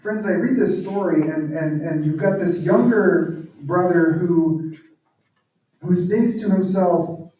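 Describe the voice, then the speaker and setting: Male guest preacher, mellow, storytelling style, distant mic in a very echoey hall. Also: sits high, takes it slowly. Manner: conversational storytelling. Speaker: guest speaker and author. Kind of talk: sermon. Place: large church hall.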